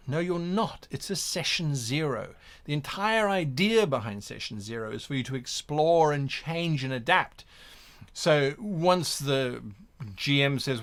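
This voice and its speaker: A man hosting an instructional talk in an animated way, acting out examples as he goes. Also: mid-range voice, moderate pace. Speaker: host.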